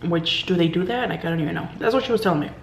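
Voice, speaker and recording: A woman's voice: lowish voice, racing. Chatty woman telling a story, roomy sound. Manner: chatty, lots of "like" fillers. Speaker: vlogger. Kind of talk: storytime while eating. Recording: roomy room, faint background hum.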